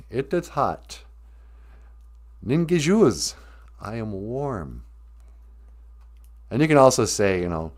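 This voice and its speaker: A man's voice: fairly low pitch, sing-song, measured pace, darkish tone. A man hosting a casual livestream language lesson, playful and chatty, often laughing as he teaches words.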